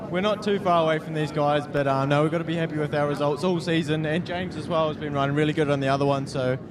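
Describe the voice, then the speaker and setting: A man's voice: on the high side, steady tone, fast, crowd noise. A man, a rider talking casually about the season with many fillers. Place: outdoor motorsport circuit.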